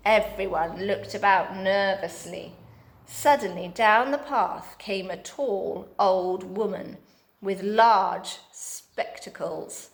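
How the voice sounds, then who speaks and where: A woman reading a children's book aloud, steady and expressive. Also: mid-range voice, creaky. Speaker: storybook reader.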